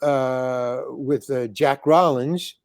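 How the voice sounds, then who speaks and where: An older comedian and actor, interviewed as a guest, drifts through rambling stories with many restarts, acting out what others said. He speaks at medium pitch in a steady tone, drawing out his words, with clean studio sound and no echo.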